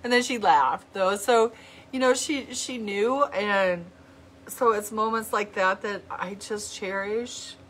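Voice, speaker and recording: A middle-aged woman talking to her viewers in an earnest, heartfelt way, often halting and restarting her sentences. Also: mid-range voice, fairly bright tone, slight background noise. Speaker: vlogger. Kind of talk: heartfelt casual talk to viewers.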